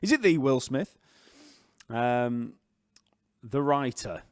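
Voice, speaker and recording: A man's voice: mid-range voice, expressive, slow pace, clear, resonant tone, no room sound, studio quality. Chatty Yorkshire man hosting a livestream. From Yorkshire, northern England. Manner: chatty and rambling, reads out viewer comments. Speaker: bass teacher hosting a live stream. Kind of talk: casual live-stream chat.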